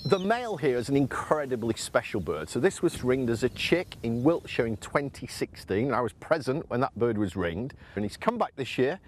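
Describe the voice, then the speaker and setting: A man's voice: mid-range voice, lively intonation, normal speed, few pauses, a little hiss or hum. A man speaking enthusiastically as a bird conservationist.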